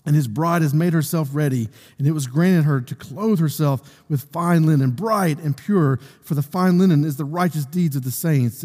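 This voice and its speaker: High-voiced preacher in an echoing hall. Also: male voice. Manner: reads scripture aloud, rising to loud emphatic peaks. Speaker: pastor. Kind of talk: sermon. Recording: long reverb of a large hall.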